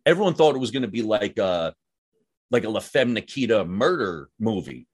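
A young adult man hosts a podcast in a fairly low, husky voice at a moderate pace. He's animated and casual, swearing freely and leaning heavily on "dude" and "like."

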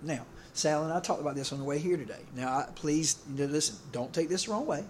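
Middle-aged pastor, loose and rambling sermon delivery, lots of fillers, fairly high pitch, light hiss underneath. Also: male voice. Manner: rambling, halting, full of fillers and restarts. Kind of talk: casual sermon.

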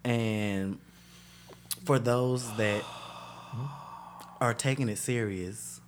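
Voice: mid-range voice, steady tone, drawn-out words, background noise. A guest on a podcast in casual chat, earnest and advice-giving, with many fillers.

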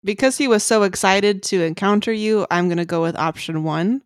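A woman's voice: mid-range voice, moderate pace, dry recording, studio quality. A woman hosting a podcast, reacting and joking in a casual chat. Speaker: podcast host.

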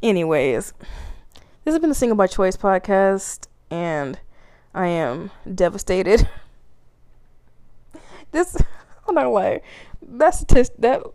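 A woman hosts her own podcast alone, talking loosely and swearing freely between bursts of laughter. Her voice sits at a middle pitch, recorded close and dry with no room sound. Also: a little slow, long pauses, no echo. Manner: profane, animated, laughs often. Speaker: podcast host. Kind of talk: solo podcast rant.

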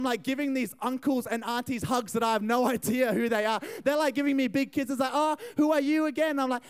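A young man giving a youth sermon, telling a funny story in a chatty, animated way and talking to the crowd. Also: extremely high pitch, smooth. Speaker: youth pastor.

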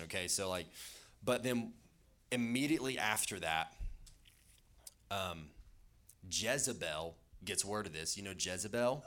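A man's voice: lowish voice, sharp tone. A young man preaching a casual youth sermon, chatty and loose, with jokey asides and lots of fillers. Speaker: youth pastor.

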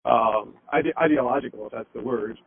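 A man co-hosting a podcast, firing off animated questions and swearing casually. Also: medium pitch, moderate pace, gravelly. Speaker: podcast co-host. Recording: tinny phone-like sound.

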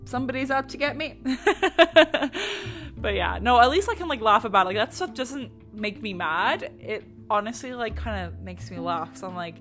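Bright-voiced animated woman. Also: mid-range voice, normal speed, few pauses, faint music behind. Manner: animated, swears freely, heavy use of "like". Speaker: vlogger. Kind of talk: casual storytelling.

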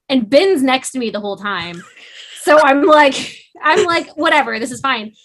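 Rambling woman with a slightly high voice. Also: expressive, normal speed, fairly bright tone. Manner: rambling, meandering telling. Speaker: podcast co-host. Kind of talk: casual chat.

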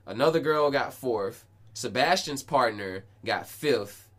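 This is a podcast host in his twenties, chatting casually with a friend. His voice sits at an ordinary male pitch. His talk is slangy and profane, with lots of quick restarts. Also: animated. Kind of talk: casual chat.

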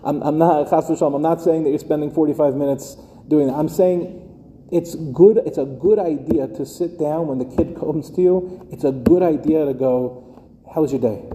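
Middle-aged rabbi lecturing in a hall. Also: male voice, on the high side, moderate pace, dark tone, a little hiss or hum. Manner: conversational, addresses listeners directly with rhetorical questions. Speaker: rabbi teaching educators. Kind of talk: lecture to a live class.

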